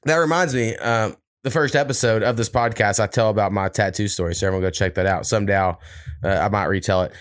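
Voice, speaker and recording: A man's voice: fairly low pitch, quick pace. Profane storytelling young man host. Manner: profane, storytelling with mimicked quotes. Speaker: podcast host. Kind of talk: casual chat.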